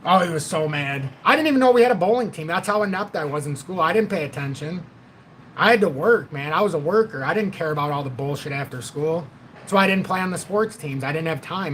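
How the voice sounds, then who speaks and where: A man's voice: on the high side, a bit bright, slight background noise. A man in his forties hosting a casual livestream chat, rambling and blunt, swearing freely as he tells old stories. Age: 40s. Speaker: livestream host.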